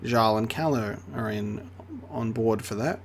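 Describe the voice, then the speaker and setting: A man's voice: on the low side, unhurried. A man giving casual let's-play commentary, reading game text aloud as he plays. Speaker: gaming streamer.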